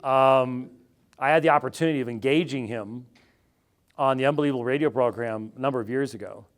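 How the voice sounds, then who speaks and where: Animated American man, wry and digressive. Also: medium pitch, fairly quick. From United States. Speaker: theologian guest. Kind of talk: conversational interview answer.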